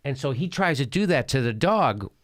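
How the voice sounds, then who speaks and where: A man's voice: medium pitch, normal speed, dry recording. Middle-aged guy hosting, jokey, voice goes up and down a lot, dry close sound. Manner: jokey, animated, laughs often. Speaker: host. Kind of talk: casual comedic commentary.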